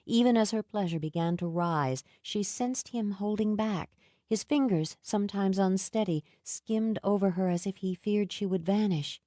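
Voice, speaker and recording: Romance audiobook narrator: a woman, soft and intimate, warm lower voice, dry studio. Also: moderate pace, dry recording. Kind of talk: scripted narration.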